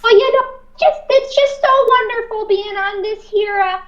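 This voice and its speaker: A chatty little old Minnesota lady, folksy and drawn out, pitched way up high, as a young woman puts her on. She's loud, and the sound is echoey and dull like a lo-fi mic. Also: moderate pace. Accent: put-on Minnesota.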